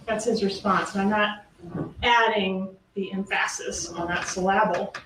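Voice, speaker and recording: A woman's voice: mid-range voice, steady tone, a little slow, fairly bright tone. A woman prosecutor delivering a closing argument in court, making pointed, sarcastic points about the evidence. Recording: distant roomy courtroom audio with faint noise.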